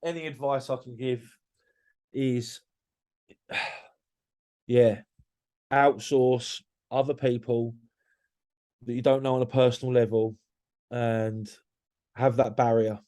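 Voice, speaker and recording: A man's voice: medium pitch, level tone, slow, pauses often, mellow. A man talking candidly as a podcast guest, blunt and swearing freely, often restarting his sentences.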